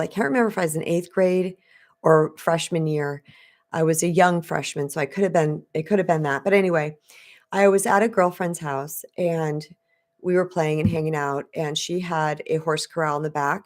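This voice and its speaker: Chatty woman coach with a low voice. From Arizona. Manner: chatty, conversational, addresses viewers directly. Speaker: spiritual coach. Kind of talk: live-stream storytelling.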